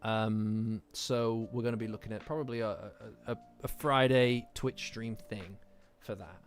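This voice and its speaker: A man's voice: on the low side, fairly even intonation, unhurried. Tired, rambling male channel host. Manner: rambling, restarts often, yawning and joking with viewers. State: tired, yawning late at night. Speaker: anime and manga commentary channel host. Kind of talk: casual chat to viewers. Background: lo-fi background music.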